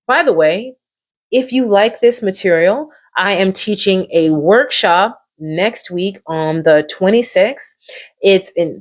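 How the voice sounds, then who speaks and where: A woman hosting a live coaching stream, encouraging and repetitive, reacting warmly to viewers in the chat. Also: fairly low pitch. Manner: encouraging, repeats phrases, lively reactions to viewers.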